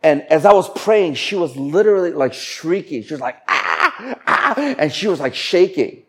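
A male pastor telling a story in a sermon, animated and swinging between raised and hushed delivery. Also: on the high side, normal speed.

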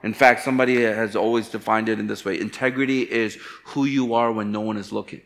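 A pastor from Chicago preaching a sermon, telling candid personal stories with self-deprecating humor. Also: male voice, on the low side, steady tone, fairly quick, vocal fry, a bit bright. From Chicago, USA.

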